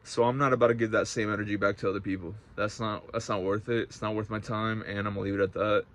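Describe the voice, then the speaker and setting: A young man telling a story in a casual vlog, swearing a lot and swinging between loud outbursts and quiet, reflective talk. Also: lowish voice, fairly even intonation, quick pace. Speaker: vlogger.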